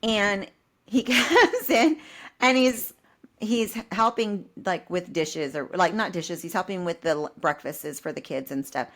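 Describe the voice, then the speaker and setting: A woman's voice: on the low side, unhurried. A middle-aged woman co-hosting a podcast, telling a home story with laughs and acted-out quotes. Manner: animated, laughing, acts out quoted dialogue. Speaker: podcast co-host. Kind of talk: casual storytelling chat.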